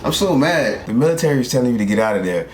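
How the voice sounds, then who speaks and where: A young man from South Carolina reacts to an anime with excitable, profane outbursts and casual chatter. His voice sits at an everyday pitch for a man. The recording is roomy and echoey, with a faint hiss underneath. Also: racing.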